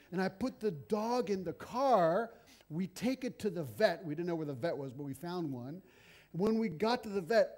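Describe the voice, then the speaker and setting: A middle-aged man preaching a sermon, telling stories in an animated, conversational way. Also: high-pitched.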